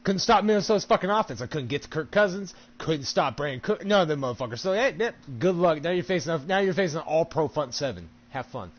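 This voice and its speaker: A man chatting casually while gaming, animated and profane, laughing often. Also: on the high side, fast talker, hardly any pauses, muffled recording.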